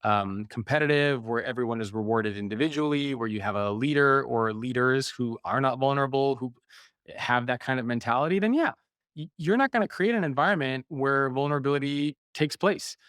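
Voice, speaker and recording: A man talks through his ideas as an author on a podcast, at an ordinary middle pitch. He livens things up by acting out little quoted voices. The sound is dry and close, with no room in it. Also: fairly quick, smooth, dry recording. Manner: animated, acts out quoted voices. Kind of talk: conversational explanation.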